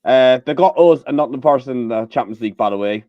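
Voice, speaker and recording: A man's voice: medium pitch, fast talker, warm tone, dry recording, muffled recording. A man co-hosting a casual live football chat, speaking hesitantly with many fillers. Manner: hesitant, many ums and uhs. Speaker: co-host.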